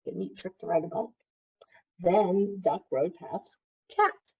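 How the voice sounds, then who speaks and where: A woman librarian reading a picture book aloud to children, pausing often to ask them questions. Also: lowish voice, lively intonation, slightly rough, low-quality recording. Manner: interactive, asks children questions.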